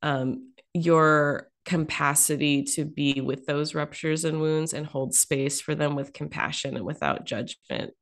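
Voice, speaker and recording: A woman guest coach on a video call, speaking in a soft, reflective way and pausing to find her words. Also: deep voice. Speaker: guest, food and body coach. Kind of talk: interview conversation.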